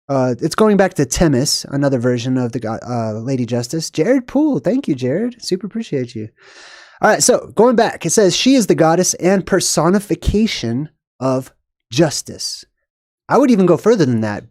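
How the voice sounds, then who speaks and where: Rambling, higher-voiced man hosting a live talk. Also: a little mellow, dry recording, clean studio sound. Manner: rambling, thinking aloud with frequent fillers and asides; reads passages aloud, then comments on them. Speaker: host of a live video on symbolism. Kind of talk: casual explanatory livestream talk.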